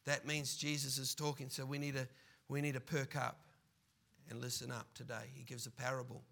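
A man preaching a sermon as pastor, animated and full of playful asides. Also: medium pitch, fairly quick, creaky.

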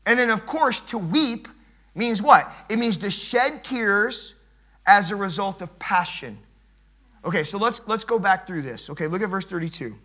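A middle-aged male pastor delivering a sermon with a high, ringing voice. His tone is bright and forceful. He swings between loud, emphatic build-ups and quiet, hushed stretches. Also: animated, moderate pace.

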